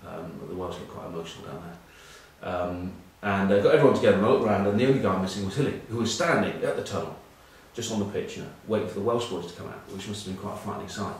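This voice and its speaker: A man's voice: low voice, quick pace, few pauses. A man in his forties, a former rugby captain, telling rambling anecdotes with dry, self-mocking humour and plenty of ums and uhs. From England. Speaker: former rugby captain presenting a web news piece. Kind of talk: casual anecdotal monologue. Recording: very echoey room, mic far off, faint background noise.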